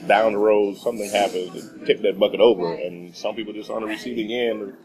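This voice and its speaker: A middle-aged man from Texas telling a story as a radio guest, animated and laughing often. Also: on the low side, fast, a crowd in the background, low-quality recording. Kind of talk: casual storytelling.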